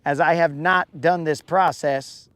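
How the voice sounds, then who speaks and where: A man with a fairly high voice talks slowly and at length, hosting a live fishing stream out on a lake. He rambles through viewers' questions with jokey self-mockery. The sound is dry and close. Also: fairly even intonation, fairly bright tone, dry recording. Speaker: fishing livestream host. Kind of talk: casual live-stream chat while fishing. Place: outdoors on a boat on a lake.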